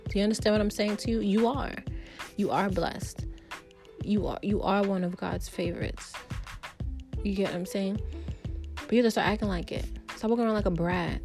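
A woman talking straight to her viewers, giving motivational life advice in a loose, emphatic, preachy way full of fillers and repeats. Faint music plays softly behind her voice. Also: mid-range voice. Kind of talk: casual motivational talk to camera.

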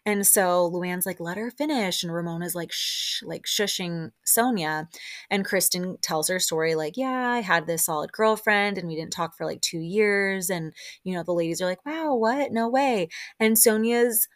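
A chatty woman recaps a reality show in a casual, exasperated way, jumping up into raised voices to act out what others said. Her voice sits fairly low, and the sound is dry and close, with no room around it. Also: moderate pace, no echo.

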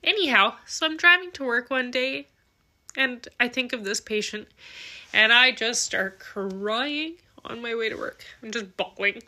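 Woman podcast host, solo monologue, bright and forceful tone, heartfelt and blunt. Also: fairly high pitch, expressive, a little slow. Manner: earnest, emotional, swears casually. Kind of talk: candid personal monologue.

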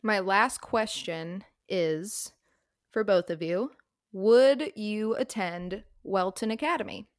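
A young woman co-hosting a podcast, leading the questions with wry, deadpan humor. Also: mid-range voice, slow, no room sound, studio quality. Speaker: podcast co-host. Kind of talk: casual podcast chat.

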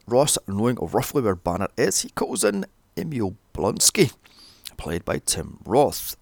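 Guy nitpicking a movie, swears a lot, voice goes up and down loads, gravelly, dry close sound. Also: medium pitch, no room sound. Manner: sweary, mocking rant with plot nitpicks. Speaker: film reviewer. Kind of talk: sarcastic film recap.

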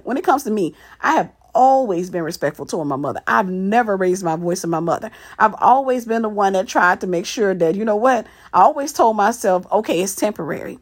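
Husky woman telling an emotional family story. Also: medium pitch. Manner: emotional, acts out quoted family dialogue; repeats "I said" often. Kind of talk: personal story told to camera.

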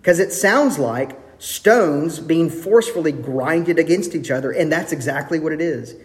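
Man, pastor, sermon delivery, earnest, soft hushed asides, long reverb. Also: fairly high pitch, a little slow. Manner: earnest, varies pace, drops to soft intimate tones for quotes.

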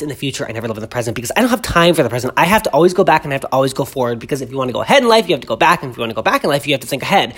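A congested podcast host rambling through pop-culture gossip at home, chatty and full of tangents, gushing with ironic exaggeration. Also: mid-range voice. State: congested, clogged throat.

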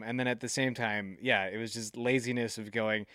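A man's voice: fairly low pitch, steady tone, normal speed, pushed and bright, clean tone, no echo, studio quality. A man co-hosting a podcast on a video call, rambling loosely, swearing freely and laughing often. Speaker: podcast co-host and producer. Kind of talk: casual chat.

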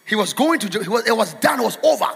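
A man preaching a fiery sermon in a church, shouting and chanting in a sing-song cadence. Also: high voice, very animated, rapid-fire, gravelly, breathy edge. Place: church hall. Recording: echoey church hall.

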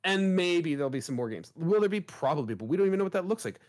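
A man's voice: high voice, lively intonation, fast, a little mellow. A man co-hosting a gaming podcast, talking in an emphatic way and asking rhetorical questions. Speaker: podcast co-host. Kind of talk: casual chat.

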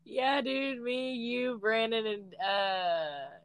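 A woman's voice: on the high side, drawn-out words, clean tone, no room sound. A young adult woman co-hosting a podcast, who talks in slangy, profane casual chat and laughs often. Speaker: podcast co-host.

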